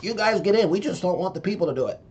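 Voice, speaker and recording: A man's voice: high voice, lively intonation, racing, a little mellow. A man putting on a smug scheming politician. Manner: patronizing, sly permissive tone.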